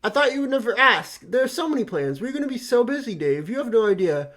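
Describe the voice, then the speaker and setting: A man's voice: very high voice, big pitch swings, fast talker, fairly bright tone, voice pushed up, exaggerated voice. A man voicing a gleeful, teasing teenage troll girl while reading a comic aloud. She talks in playful, sing-song bursts. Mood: scheming.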